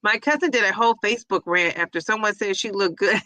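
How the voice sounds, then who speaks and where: A woman's voice: mid-range voice, quick pace, pushed and bright, no room sound. A woman hosting a casual livestream, chatty and laughing easily as she reads a quiz and viewer comments aloud. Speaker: livestream host.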